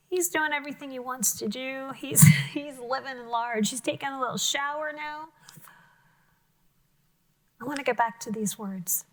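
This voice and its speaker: A woman teacher reading a picture book aloud to children, expressive and full of questions to her listeners, sometimes dropping to a whisper. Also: high voice, moderate pace, poor audio. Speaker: elementary school teacher.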